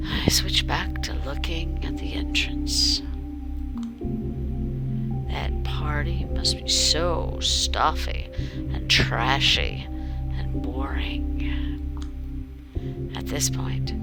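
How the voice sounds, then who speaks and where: A woman narrating her character in the first person during a tabletop game, wry and sardonic, often dropping into a whisper. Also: sits low. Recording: clear music behind.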